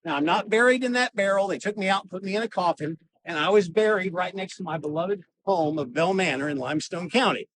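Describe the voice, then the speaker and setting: A man with a fairly high voice delivers a first-person historical monologue outdoors, like a costumed reenactor on a cemetery stroll. He tells his tale with dramatic pauses and a dry, wry humor, addressing the visitors directly. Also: a bit bright, a little hiss or hum, rough recording.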